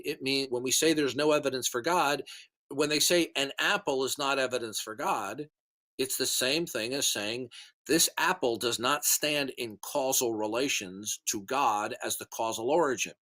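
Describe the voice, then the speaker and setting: A man's voice: medium pitch, a bit bright. A man lecturing in a casual voice chat, scornful and repetitive, with hiccups. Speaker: Christian apologist in voice chat. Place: online voice chat.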